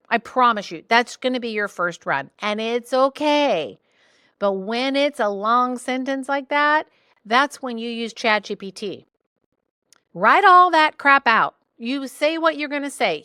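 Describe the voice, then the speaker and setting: A woman hosting a solo podcast, coaching listeners in an animated, playful way with jokey asides. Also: a little high, moderate pace, clear, resonant tone, no room sound, clean studio sound. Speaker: podcast host and business coach.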